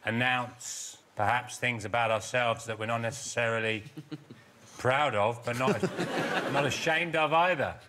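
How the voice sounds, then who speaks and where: Deadpan male comic on a panel show. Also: mid-range voice, unhurried. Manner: deadpan, rambling comic bits. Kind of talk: comedy panel show banter. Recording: noisy studio with laughter.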